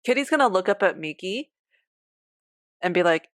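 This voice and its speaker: A woman's voice: medium pitch, animated, normal speed, a bit bright, dry recording. Upbeat woman player, dry sound. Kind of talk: casual tabletop play.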